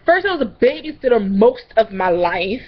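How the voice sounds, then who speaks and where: A woman's voice: fairly high pitch, sing-song, normal speed, muffled recording. A young woman telling rambling stories in a casual vlog, drifting from one tangent to the next. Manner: chatty, rambling, goes off on tangents. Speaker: vlogger.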